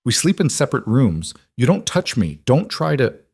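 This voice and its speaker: A man's voice: mid-range voice, sing-song, moderate pace, creaky, a little mellow, slightly rough, no room sound, clean studio sound, pitched above the performer's own voice, heavily acted. A man voicing a frightened but defiant young woman, speaking tensely.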